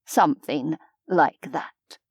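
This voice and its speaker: A woman voicing a courteous, formal gentleman in an audiobook, measured and gently lecturing. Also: deep voice, slightly rough, no echo, studio quality, pitched below the performer's own voice, heavily acted. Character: genteel, courteous older gentleman scholar. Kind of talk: audiobook character voice.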